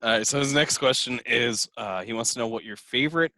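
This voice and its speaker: A man hosting a casual podcast interview, relaxed and laughing along as he reads listener questions. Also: mid-range voice, fairly quick, dry recording. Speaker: podcast host.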